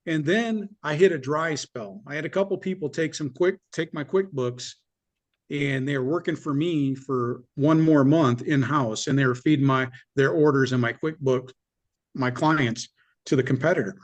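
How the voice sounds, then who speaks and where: A man's voice: a little high, normal speed. Blunt, profane middle-aged man storyteller. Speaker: business owner guest. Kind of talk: candid storytelling interview.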